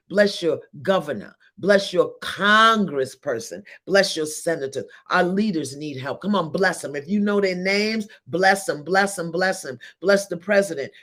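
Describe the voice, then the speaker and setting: A woman as spiritual teacher leading an online group in a guided blessing, urging listeners on with fervent, repetitive calls that swing between soft and loud. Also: fairly low pitch.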